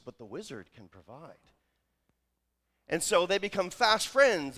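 A man's voice: on the high side, a bit bright, clear, resonant tone. A male pastor preaching a sermon, retelling a familiar film story with wry humorous asides.

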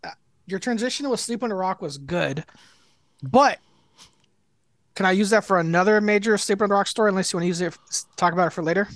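A man co-hosting a casual gaming podcast, telling rambling, animated stories full of swearing and filler words. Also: high voice, fast talker, long pauses, no room sound, clean studio sound. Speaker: podcast co-host. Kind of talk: casual chat.

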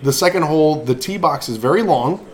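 Male host, rambling and laughing, lively pitch, casual chat. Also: a little fast. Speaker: podcast host.

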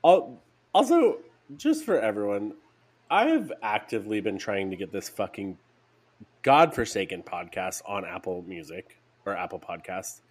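Man podcast co-host, lowish voice, blunt, exasperated rants, swears a lot. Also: sing-song, normal speed. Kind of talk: casual chat.

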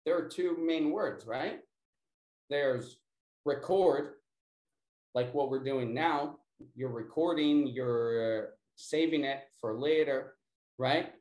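A man leading an interactive class and then a guided breathing exercise, talking deliberately and often checking in with "right?". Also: a little high. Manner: slow, deliberate, repeats key words and checks in with "right?". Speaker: workshop instructor. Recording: roomy echo.

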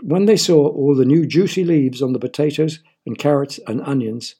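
A man's voice: on the high side, normal speed, dark tone, husky. A man narrating a children's story in a playful way, often asking the listeners questions.

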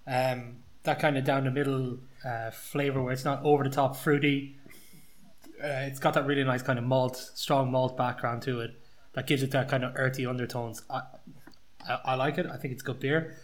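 A man's voice: medium pitch, little pitch movement, moderate pace. A man co-hosting a podcast, chatting casually and jokingly with many restarts. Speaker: podcast co-host reviewing beer. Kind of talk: casual chat.

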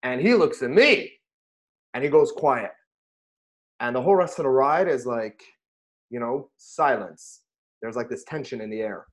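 A middle-aged man, a rabbi, chatting casually about scripture and telling stories with lively bursts when he quotes himself. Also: mid-range voice, moderate pace, long pauses. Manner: animated storyteller, rises sharply when quoting himself. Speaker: rabbi and podcast host. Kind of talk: casual Torah discussion and storytelling.

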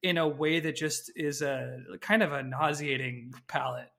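Young male podcast guest, bright tone, rambling joker. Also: a little high, fairly even intonation, moderate pace, creaky. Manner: rambling, jokey storyteller. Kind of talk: casual movie-review chat.

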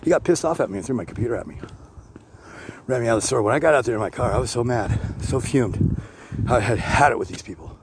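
A man's voice: medium pitch, expressive, fast. A man recording a rambling podcast while walking the streets, talking bluntly and swearing freely with many restarts. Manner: rambling, with frequent restarts and digressions. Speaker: podcast host. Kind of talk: rambling walk-and-talk monologue. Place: outdoors, walking neighborhood streets. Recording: outdoor street noise with passing vehicles. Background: passing traffic and street ambience.

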